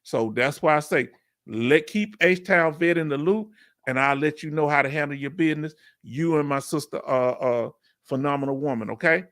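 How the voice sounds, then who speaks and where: Southern Houston man, slangy and animated. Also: a little high, moderate pace. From Houston, Texas. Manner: reads viewer comments aloud, slangy and animated. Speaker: veteran livestream host. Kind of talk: casual livestream Q&A.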